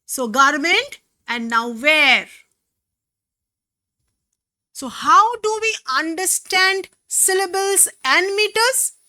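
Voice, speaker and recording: A woman teacher with a Bengali accent talks slowly and patiently, spelling words out syllable by syllable. Her voice is high and bright, rising and falling a great deal. The recording is dry and close. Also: animated, dry recording. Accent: Bengali-accented English. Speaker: English teacher. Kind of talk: classroom lesson explaining poetry.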